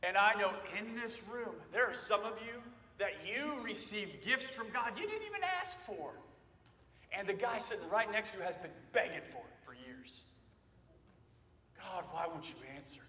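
Guy preaching in a church, high bright voice, goes quiet then loud, big echoey hall. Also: expressive, normal speed, far from the mic. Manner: conversational preaching that swells loud on quoted cries. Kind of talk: sermon. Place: church sanctuary.

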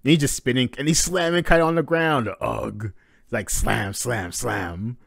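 A man hosting a live manga reading reaction, narrating panels with excited swearing and casual talk. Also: medium pitch, unhurried, vocal fry, slightly rough, dry recording, clean studio sound.

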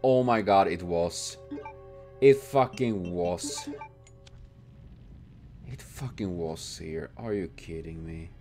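A man giving let's play commentary, exasperated and swearing constantly, with sudden loud outbursts. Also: low voice, slow, long pauses, soft background music. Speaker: gaming channel host.

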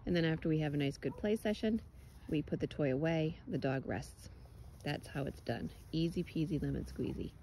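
A woman's voice: low-pitched, moderate pace, mellow, slight background noise, low-quality recording. A woman dog trainer coaching outdoors on a lawn, giving direct, encouraging instructions and explaining her methods.

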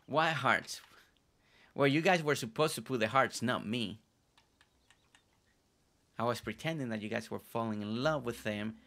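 A man's voice: mid-range voice, unhurried, long pauses, sharp tone. A man streaming a game, chatting playfully with his viewers and joking around. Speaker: gaming streamer. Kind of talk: casual gameplay commentary. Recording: faint game music behind.

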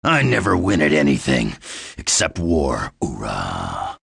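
A loudmouthed American marine in a video game, all crude taunts and bravado. The voice is raspy and gravelly, with a bright, hard edge that cuts through. He is mostly shouting, in slow, deliberate bursts. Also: extremely low pitch, wildly swooping pitch, heavily acted. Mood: gruff bravado. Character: brash loudmouthed American marine, middle-aged, cocky.

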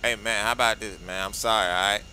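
A man doing a comedic impression of a rapper, an adult man talking in a slow, sly mumble. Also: fairly low pitch, steady tone, pushed and bright, a little hiss or hum, voice pushed down. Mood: bargaining. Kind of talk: comedy skit voice acting.

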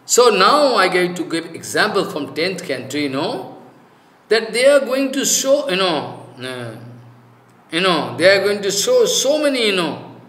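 A man preaches a devotional talk in a high, bright voice. He speaks loose, informal English, scattering "you know" through his sentences and repeating his key points for emphasis. The room around him rings with echo. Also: very animated, measured pace. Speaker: spiritual teacher. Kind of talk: devotional scripture discourse.

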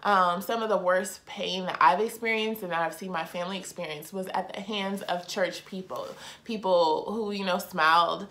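Over soft background music, a young woman talks to her faith vlog viewers in a chatty, confiding, warm, heartfelt way. Her lowish voice keeps a steady tone at normal speed with hardly any pauses.

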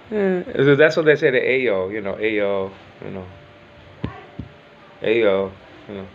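A man's voice: lowish voice, slow, long pauses, muffled recording, slight background noise. An older man whose first language is Spanish, chatting casually in a home vlog, rambling and repeating himself, teasing and affectionate. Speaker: vlogger.

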